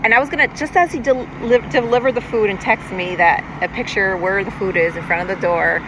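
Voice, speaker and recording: A woman's voice: medium pitch, brisk. Middle-aged woman rambling about her day on a lake, phone mic, boats roaring past in the background. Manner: rambling and chatty, self-reflective. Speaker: podcast host. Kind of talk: casual monologue. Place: outdoors on a lake, on a paddleboard. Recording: outdoor lake recording with boat noise. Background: boats passing on the water.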